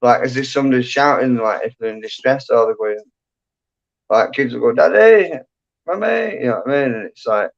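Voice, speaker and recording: A man's voice: mid-range voice, fairly even intonation, fast talker. A man hosting a casual livestream chat from home, rambling and full of fillers. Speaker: livestream host. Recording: dull lo-fi sound.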